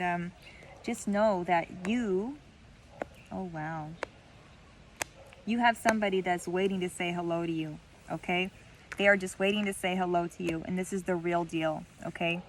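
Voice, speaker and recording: A spiritual reader delivers an intuitive message reading to her viewers, emotional and encouraging, often checking in with "okay?" and "you guys." Her voice is mid-range, with a little hiss or hum in the audio.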